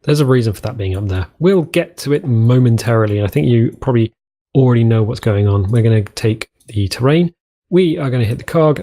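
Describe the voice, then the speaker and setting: A man's voice: mid-range voice, warm tone. A man casually commenting on his gameplay, rambling off on tangents and joking at his own expense. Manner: rambling, tangent-prone, self-mocking. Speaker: let's play host.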